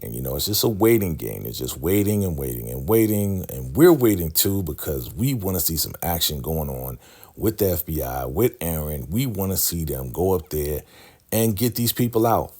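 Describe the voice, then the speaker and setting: A man with a low, husky voice recaps a TV episode in casual talk. His delivery swings widely in pitch as he jumps between storytelling and acting out characters' lines. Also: normal speed. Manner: animated, acts out quoted lines in character. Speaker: recap channel host.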